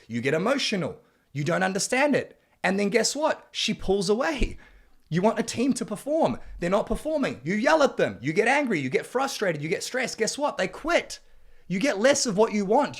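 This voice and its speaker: A man's voice: high voice, gravelly. A man giving a blunt, preachy motivational talk to men, swearing freely and pushing harder on key points. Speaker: men's coach narrating his book chapter. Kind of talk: motivational self-help reading.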